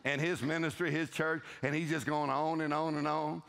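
A man's voice: fairly high pitch, flat delivery, normal speed, vocal fry, fairly bright tone, smooth. A male pastor, preaching a humorous sermon and telling stories with playful voices and laughter.

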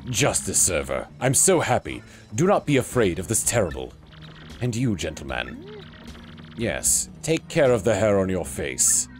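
A man's voice: low voice, big pitch swings, a little slow, soft background music. A man voicing a pompous male penguin detective in a comedic video game voice-over, with a stuffy, self-important drawl.

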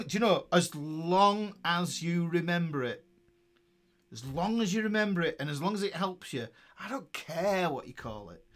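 A man's voice: on the high side, a bit bright. A man giving a casual guitar lesson, chatty and upbeat, laughing and talking while he plays. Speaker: guitar teacher. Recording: faint guitar music behind. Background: guitar playing.

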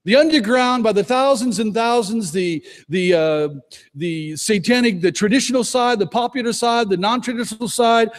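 Emphatic high-voiced male preacher in a reverberant hall. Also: moderate pace. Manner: emphatic, swings between loud declarations and low intense asides. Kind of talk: conference sermon. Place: conference hall.

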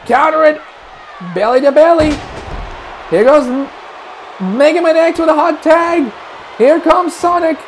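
A man calling wrestling play-by-play, excitable and breaking into shouts at big moves. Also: extremely high pitch, unhurried, pauses often, slight background noise, rough recording. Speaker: play-by-play commentator.

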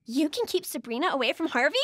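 A woman's voice: sits high, lively intonation, quick pace, fairly bright tone, dry recording, studio quality. A woman voicing a jealous, bossy teenage witch girl in a cartoon, whiny and pushy. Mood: scheming. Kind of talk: cartoon voice acting.

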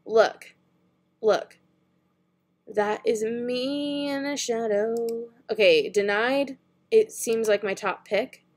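Slow-paced and a little high, a young woman's voice drifts through casual chat as she looks at makeup online. She's a beauty vlogger who thinks aloud and often breaks into giggles.

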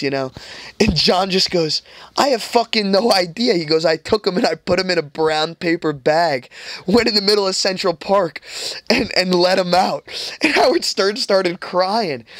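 A man's voice: high voice, a bit bright, dry recording. A young man hosting a casual podcast, telling loose, rambling stories and swearing freely. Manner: loose, profane, rambling storyteller. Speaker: podcast host. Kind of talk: casual storytelling chat.

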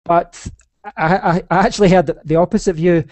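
A young man with a Scottish accent rambles through a casual chat, stumbling and restarting often. His voice sits a little high yet sounds mellow and warm. The sound is close and dry. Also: fairly even intonation, moderate pace, no room sound. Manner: rambling with many restarts and laughs. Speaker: podcast host.

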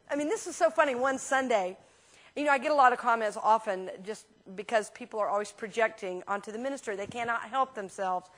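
A woman minister teaching a class in a church, talking casually and telling lively anecdotes with frequent restarts. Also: on the high side. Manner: chatty, animated storyteller with frequent restarts.

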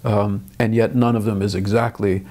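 A man's voice: fairly low pitch, little pitch movement, normal speed, a little mellow. An older man, a film director, talking thoughtfully in an interview with frequent restarts. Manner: thoughtful, restarts often, dry chuckles. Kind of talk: interview conversation.

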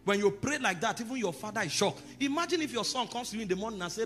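Preacher guy, high lively voice, raspy, soft music behind. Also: fast talker. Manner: builds from calm teaching to loud, emphatic preaching. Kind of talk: sermon.

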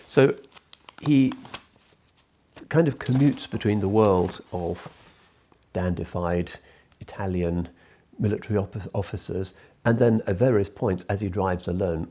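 A male scholar giving an informal talk on books, thoughtful, pausing with fillers and restarts. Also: low-pitched, creaky, warm tone, breathy edge. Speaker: Islamic scholar recommending books.

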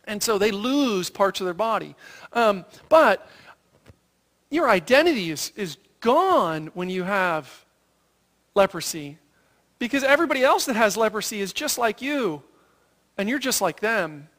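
A lively preacher tells a story from the pulpit, his voice swinging up and down in an expressive way. He keeps engaging the audience with rhetorical questions and quick "right?" tags, and he acts out quoted voices at a higher pitch. It's a sermon.

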